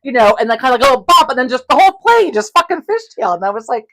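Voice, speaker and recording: In a high voice at a very fast clip, a co-host on a casual podcast tells her story. Profane and animated, she curses freely and plays both parts of the conversations she describes.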